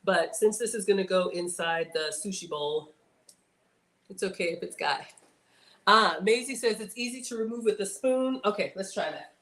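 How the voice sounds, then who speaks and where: A woman's voice: medium pitch, moderate pace, fairly bright tone. Lady cooking live, chatty, lots of y'all, kinda echoey room. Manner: chatty, addresses viewers as y'all; playful outbursts and sing-song bits. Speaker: livestream cooking host. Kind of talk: casual livestream chat while cooking.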